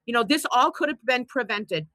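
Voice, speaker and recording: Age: 50s. Sex: woman. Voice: bright, high. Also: animated, normal speed, no echo, low-quality recording. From Boston. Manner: chatty storyteller, blunt and profane. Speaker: show host. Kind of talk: casual chat on a livestream.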